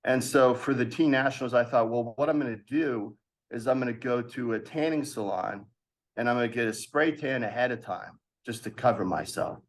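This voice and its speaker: This podcast guest, a man in his thirties, speaks at a moderate pace in a mid-range voice. Telling a lively tale from his past during a casual interview, he laughs and mimics the voices of the people involved.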